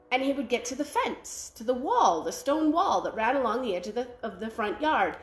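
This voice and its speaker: A woman telling a traditional folktale aloud at a library, animated and full of sound effects. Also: on the high side, moderate pace, few pauses, echoey room. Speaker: library storyteller.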